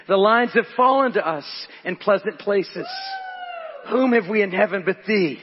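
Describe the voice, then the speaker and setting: A man's voice: sits high, animated, unhurried, long pauses, a little hiss or hum. A man preaching a sermon as pastor, impassioned and often laughing. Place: church. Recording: dull echoing hall sound.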